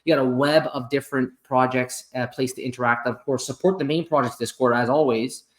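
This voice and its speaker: A man's voice: mid-range voice, fairly even intonation, fairly quick. A man hosting his channel, chatting casually and cheerfully with a guest, with frequent fillers. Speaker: channel host. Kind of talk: casual interview chat.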